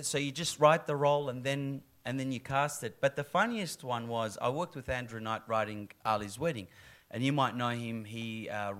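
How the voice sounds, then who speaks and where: A middle-aged man, an actor chatting in an interview, telling stories and acting out quoted lines. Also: medium pitch. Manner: animated storyteller, acts out quoted lines, laughs often. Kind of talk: casual interview chat.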